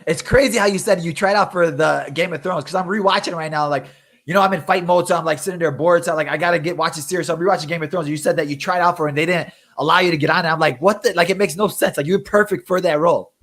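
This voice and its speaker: A man hosting a podcast in casual chat, excited and saying "like" and "bro" a lot. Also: on the high side, quick pace. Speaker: podcast host.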